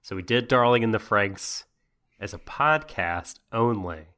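A man's voice: fairly low pitch, expressive, a little slow, bright, forceful tone. A man co-hosting a casual podcast, talking in a wry, joking way. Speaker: podcast co-host.

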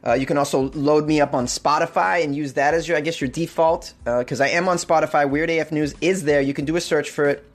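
Podcast host, male, slightly high voice, loose rambling delivery, laughs a lot. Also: steady tone, fast talker, hardly any pauses. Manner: rambling, self-amused, laughs often. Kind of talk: casual comedic news commentary. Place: hot apartment.

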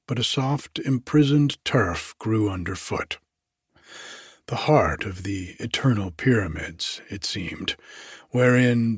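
Audiobook narrator, male, measured and slow, low husky voice, dry sound. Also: no echo. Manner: measured, deliberate reading. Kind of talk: scripted narration of a classic story.

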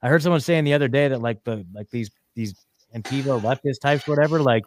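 A man's voice: medium pitch, quick pace, slight background noise. A man hosting a podcast in casual chat, rambling with many fillers and breaking into rants. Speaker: podcast host.

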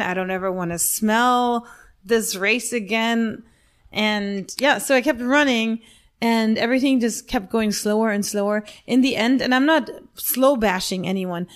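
Animated woman telling a race story. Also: a little high. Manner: animated storytelling, laughs at herself. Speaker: podcast co-host. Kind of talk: casual chat recapping a race.

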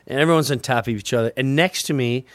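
Man, podcast host, animated storyteller, middle pitch, dry close sound. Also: quick pace, no room sound. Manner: animated anecdote teller, acts out quoted people. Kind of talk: casual storytelling.

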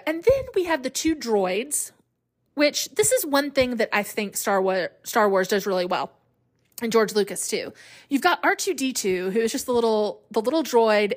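Chatty woman hosting a podcast. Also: a little high. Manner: chatty, laughs often, frequent fillers. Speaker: podcast host. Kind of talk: casual solo podcast monologue.

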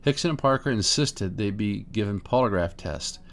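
A man's voice: lowish voice, animated, moderate pace. A man hosting a podcast, reading written accounts aloud and breaking off into his own plain spoken comments. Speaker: podcast host.

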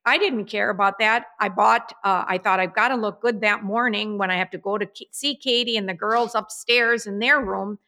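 Woman, mother of the bride, bright forceful voice, emotional storyteller, chatty. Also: medium pitch, fairly even intonation, moderate pace, hardly any pauses. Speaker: podcast co-host, mother of the bride. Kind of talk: casual chat. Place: apartment.

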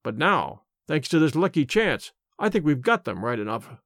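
A man voicing a confident Victorian police inspector who talks in a hearty, brisk way. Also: on the high side, very animated, a bit bright, dry recording, studio quality.

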